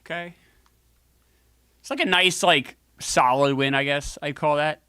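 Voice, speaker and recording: A man's voice: a little high, a little slow, pushed and bright, clear, resonant tone, dry recording. A man hosting a casual video game playthrough, joking with viewers and cursing freely as he comments on the game. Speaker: gaming show host.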